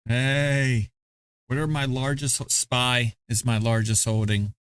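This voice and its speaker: A man's voice: mid-range voice, little pitch movement, slow, a bit bright, clear, resonant tone, no room sound. A middle-aged man hosting a casual livestream, talking to himself offhandedly while he tweaks his audio settings. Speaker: livestream host.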